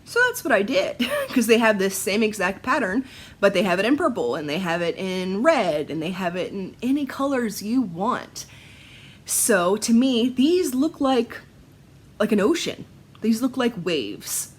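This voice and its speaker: A woman talking casually in a home vlog, excitable and rambling, often laughing between thoughts. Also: mid-range voice, a little slow, husky. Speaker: Flosstube vlogger. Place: at home, seated in a chair.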